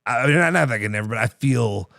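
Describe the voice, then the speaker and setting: A man's voice: mid-range voice, animated, fast talker, vocal fry, fairly bright tone, no echo, studio quality. A man hosting a casual live show, rambling with fillers and restarts, reading ads and chatting. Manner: rambling, lots of fillers and restarts, laughs easily. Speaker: show host.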